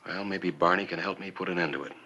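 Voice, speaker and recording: A man's voice: low voice, quick pace, breathy edge, dull audio, exaggerated voice. An actor playing a frontier lawman who speaks firmly and steadily in a 1950s TV western. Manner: firm and steady.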